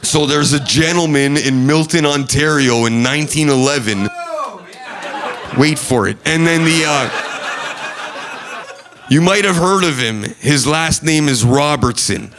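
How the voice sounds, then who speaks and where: A young man doing a stand-up comedy set, neurotic and rambling, with loud outbursts when acting out angry people. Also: on the high side, unhurried, long pauses, slight background noise. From Canada. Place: comedy club stage.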